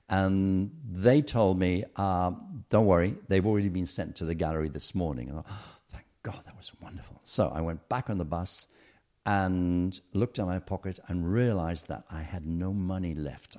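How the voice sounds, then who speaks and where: A British man with a very low voice tells a story from his past as a podcast guest. He is animated and keeps slipping into the voices of the people he quotes, so the telling feels lively and conversational.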